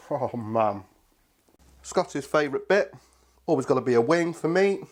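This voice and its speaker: A man's voice: mid-range voice, animated, unhurried, long pauses. A man hosting a casual cooking video, chatty and enthusiastic, talking to viewers as his friends. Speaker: cooking channel host.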